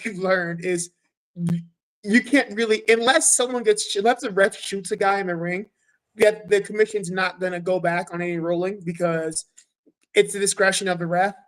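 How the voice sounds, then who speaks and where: Animated, cursing male fighter telling a story. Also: high-pitched, rough recording. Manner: animated storytelling, swears often, acts out his own quotes. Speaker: guest fighter. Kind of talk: casual podcast chat.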